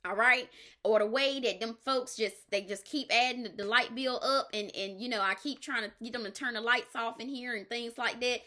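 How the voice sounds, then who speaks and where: A woman's voice: on the high side, fairly even intonation, normal speed, sharp tone. A woman life coach, giving an emphatic faith-based pep talk and often checking in with "all right?".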